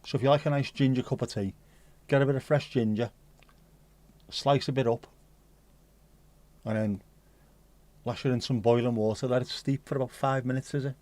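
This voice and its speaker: A man's voice: medium pitch, fairly even intonation, moderate pace, pauses often, darkish tone, no echo. Chatty man on a livestream. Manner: chatty, swears casually, answers chat aloud. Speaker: livestream host reading chat. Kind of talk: casual livestream chat. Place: home streaming setup.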